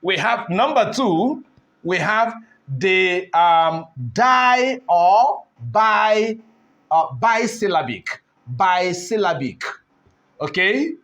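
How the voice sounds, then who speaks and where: Male English teacher, unhurried board lesson, raised pitch, rhetorical questions. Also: lively intonation, fairly bright tone. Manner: slow, deliberate, repeats words and asks rhetorical questions.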